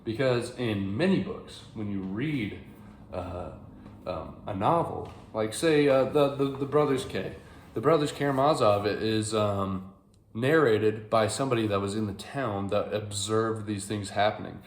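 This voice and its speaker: A man's voice: on the low side, unhurried. A young American man giving a rambling, casual book review to camera, with many fillers and restarts. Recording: echoey room, faint background hiss.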